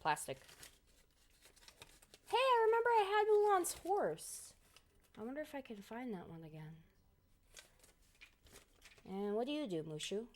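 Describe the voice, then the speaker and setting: A slightly high, sing-song female voice moves at a measured pace and pauses often. She is a game streamer talking casually to her live audience, venting her exasperation in a rambling, profane way.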